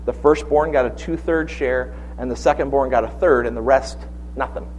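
A man in his forties preaching a sermon, telling funny personal stories with animated, humorous asides. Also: medium pitch, normal speed, a little hiss or hum, poor audio. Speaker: pastor.

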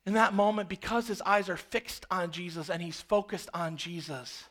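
A man with a high-pitched voice delivers a sermon. He preaches dramatically, sinking to hushed, slow lines and then rising to loud, intense ones. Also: fairly even intonation.

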